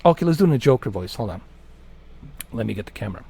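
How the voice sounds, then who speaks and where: A man's voice: medium pitch, big pitch swings, rapid-fire, gravelly, warm tone, husky. A man hosting a gaming channel, chatting in a casual, rambling way and swearing freely.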